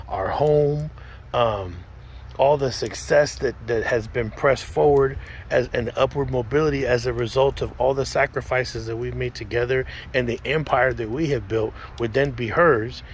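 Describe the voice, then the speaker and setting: A man's voice: medium pitch, slight background noise. A man telling his own story in a blunt, profane, casual monologue, full of restarts and quoted asides.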